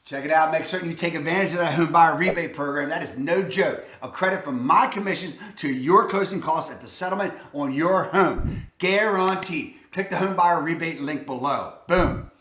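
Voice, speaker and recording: Baltimore-accented male realtor for a vlog: raised pitch, punchy and salesy, recorded in a roomy, echoing space. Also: moderate pace, fairly bright tone. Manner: salesy, emphatic, repeats "I'm telling you" and "boom". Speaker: real estate agent. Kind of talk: enthusiastic real estate vlog.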